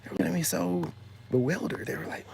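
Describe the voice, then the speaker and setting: A man vlogging a casual story in a rambling, slangy way, dropping loud boasts and then hushed asides, full of filler phrases. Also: on the high side, big pitch swings, fast, creaky, noisy background.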